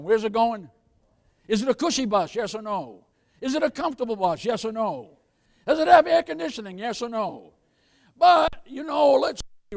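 Pastor, man with a high voice, folksy sermon delivery with wry jokes and questions to the pews. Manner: folksy preaching, questions to the congregation. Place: church.

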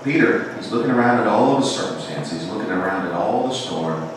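A Southern American man delivers a church sermon, building to emphatic, raised declarations before dropping to soft, hushed lines. He is heard from a distance in a very echoey sanctuary with a faint hum of room noise. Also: sits low, animated, brisk. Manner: rises to emphatic preaching then drops to hushed tones. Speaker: preacher.

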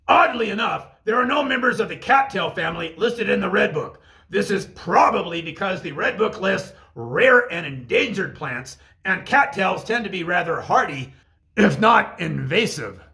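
A man's voice: high-pitched, creaky, sharp tone. A man narrating a scripted language lesson, reading phrases in another language and translating each one. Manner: bilingual, translating Russian phrases line by line. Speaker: language teacher.

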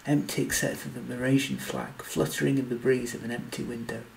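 A man reading a story aloud in steady scripted narration. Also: medium pitch, a little fast, gravelly, slight background noise, rough recording. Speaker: audiobook narrator.

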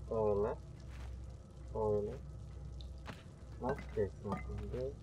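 A man streaming a game, chatting casually with viewers, excitable with sudden yelps, his voice slightly muffled by a mask. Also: fairly low pitch, takes it slowly, over music. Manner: excitable, greets chat viewers by name, bursts of yelps. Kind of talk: casual live-stream chat while gaming.

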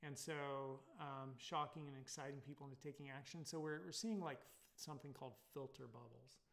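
Rambling Californian college instructor. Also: male voice, mid-range voice, steady tone, fairly quick, gravelly, a bit bright. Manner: casual, rambling, many fillers and tag questions. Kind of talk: recorded online lecture.

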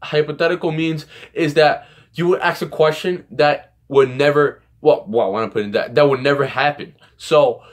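A young man rambling through casual vlog tips with animated storytelling. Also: a little high, moderate pace. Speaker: YouTuber giving comedy tips.

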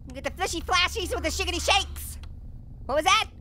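Squeaky, sharp cartoon orange, very high and bouncy, a punning let's-play host who yelps at scares. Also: male voice, a little fast, slight background noise, heavily acted. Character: hyper, wisecracking male talking orange. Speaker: gaming host. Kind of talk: comedic let's-play commentary.

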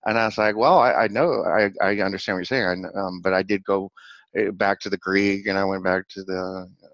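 Excitable, rambling man with a low voice. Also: a little fast, vocal fry, dry recording. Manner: rambling, excitable, laughs often, repeats words. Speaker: channel host. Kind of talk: casual vlog recap. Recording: dull lo-fi dry recording.

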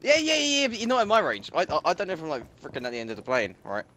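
Brief: young male gamer, high voice that swoops wildly, playful teasing. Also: wildly swooping pitch, racing, a bit bright, slight background noise. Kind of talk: casual chat while gaming.

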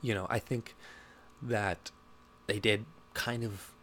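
A man with a somewhat low voice rambles through casual commentary, laughing often. He mocks others by jumping up into a higher-pitched imitation of them. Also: fairly even intonation, takes it slowly, a bit bright, slight background noise. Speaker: political commentary vlogger.

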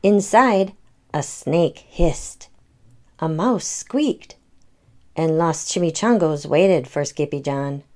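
A mother in her thirties reads a picture book aloud to little ones, pausing to explain words gently. Her voice sits a bit low for a woman. She sounds patient and plain-spoken. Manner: gentle, explaining to young children. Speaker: storytime reader and parent. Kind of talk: children's read-aloud.

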